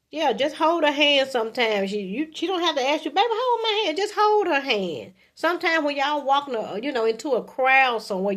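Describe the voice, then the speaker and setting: A chatty vlogger in her fifties talks casually to camera with relationship advice, her voice a bit bright. She's folksy, keeps adding "okay," and acts out sweet lines to a partner in a high voice, all while coughing from allergies.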